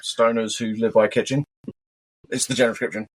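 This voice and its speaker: Casual co-host, a man with a husky voice and jokey, wandering chat. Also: medium pitch, fast talker. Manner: animated, joking, rambling tangents. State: wired on caffeine. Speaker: podcast co-host.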